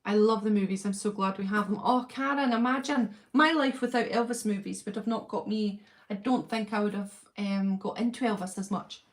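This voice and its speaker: Welsh woman host, middle-aged, chatty fan-chat livestream, warm gushing delivery with frequent laughs. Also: medium pitch, brisk, hardly any pauses. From Wales. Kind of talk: casual chat reading viewer comments.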